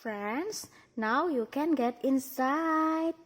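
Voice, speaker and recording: A woman preschool teacher with an Indonesian accent, talking to toddlers in a slow, sing-song, encouraging way. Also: high-pitched. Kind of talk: toddler lesson. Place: classroom, indoors.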